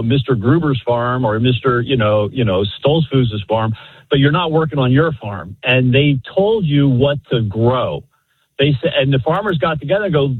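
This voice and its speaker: Husky male caller on a phone line. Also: mid-range voice, no echo. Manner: rambling, earnest, many fillers. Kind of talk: phone-in storytelling. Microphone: telephone.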